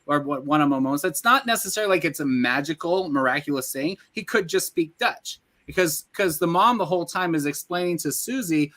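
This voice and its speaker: Bright, eager male podcast host. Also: fairly high pitch, animated, a little fast, few pauses. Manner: eager, rambling retelling of scenes. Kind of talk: casual chat about a film.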